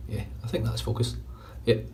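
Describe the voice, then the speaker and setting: A man's voice: normal speed, darkish tone, a little hiss or hum. Glaswegian man, middle-aged, sweary casual chat, phone mic from a distance in a bathroom. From Scotland. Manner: swears freely, chatty. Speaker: shaving vlogger. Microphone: phone camera.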